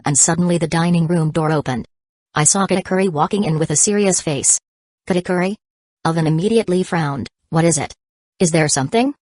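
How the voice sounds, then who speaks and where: A woman's synthetic voice narrating a web novel audiobook in a flat, even reading. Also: deep voice, no echo.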